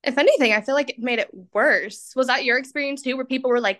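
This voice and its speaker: A woman's voice: high-pitched, quick pace, fairly bright tone. A woman in her twenties, a podcast guest telling personal stories in a chatty, self-mocking way and laughing often. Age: 20s. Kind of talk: candid personal storytelling.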